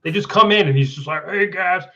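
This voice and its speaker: A man's voice: a little high, fast talker, pushed and bright, highs cut off. A man trading crude, self-mocking jokes in a casual chat as co-host. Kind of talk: casual banter.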